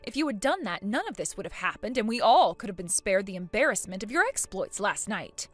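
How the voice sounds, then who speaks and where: A woman voicing a calm, weary middle-aged mother in a storybook tale, patient and level-headed, with faint music behind. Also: medium pitch, a little fast. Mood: reasoning.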